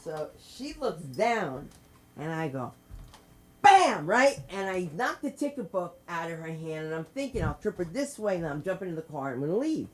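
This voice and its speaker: A woman's voice: lowish voice, sing-song, normal speed. Rambling New woman doing stand-up. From New Jersey. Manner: rambling, tangent-filled storytelling with swings in loudness. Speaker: stand-up comedian. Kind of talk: stand-up set at an open mic. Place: comedy club stage.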